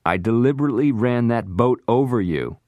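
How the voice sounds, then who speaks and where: A man's voice: moderate pace, darkish tone, dry recording, dull audio. A man reading aloud voices a trapped man who begs and panics in a raised, strained voice. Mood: desperate. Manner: panicked, begging, higher pitched. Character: terrified trapped man, arrogant turned pleading.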